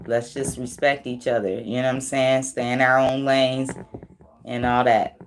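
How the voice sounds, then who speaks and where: A woman's voice: extremely low pitch, little pitch movement, normal speed. A woman giving a casual tarot reading, blunt and profane, laughing often as she talks. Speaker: tarot reader.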